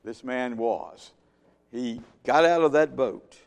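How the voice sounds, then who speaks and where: A man preaching a sermon with emphatic delivery, rising loud and dropping soft. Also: mid-range voice, expressive, slow, creaky. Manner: emphatic, swinging between loud and quiet. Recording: long hall reverb.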